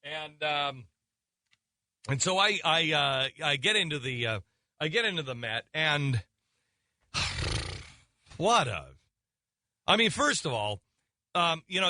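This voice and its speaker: A man's voice: on the high side, lively intonation, a little slow, long pauses, bright, forceful tone, dry recording. A man in his forties, a radio talk show host, telling a comic story in a sarcastic, rambling way from a studio mic. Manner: sarcastic and rambling, with many restarts. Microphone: close studio mic.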